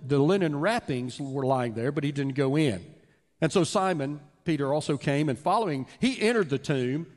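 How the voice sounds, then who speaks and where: A man's voice: mid-range voice, darkish tone. A man pastor reading scripture and preaching a sermon in a church, earnest and emphatic. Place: church sanctuary. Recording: long hall reverb.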